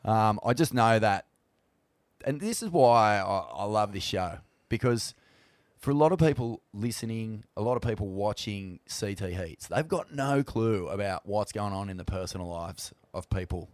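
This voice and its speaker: Swearing host, loose and laughing. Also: male voice, lowish voice, expressive, normal speed, dry recording. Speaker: podcast host. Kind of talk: casual chat.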